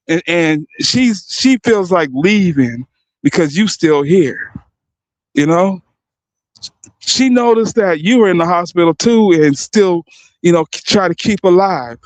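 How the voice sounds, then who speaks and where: A man's voice: high voice, no echo, rough recording. A young man delivering a heated, profane and mocking rant as a streamer. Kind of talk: heated ranting commentary.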